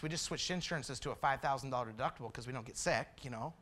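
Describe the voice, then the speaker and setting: A man preaching a testimony sermon, quiet and confessional at times, building to loud, fervent preaching. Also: mid-range voice, fairly quick, long pauses.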